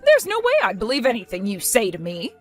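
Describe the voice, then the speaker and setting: A woman's voice: fairly high pitch, wildly swooping pitch, brisk, faint music behind. A woman voicing a harsh, accusing middle-aged mother-in-law in a text-story drama, cutting and contemptuous.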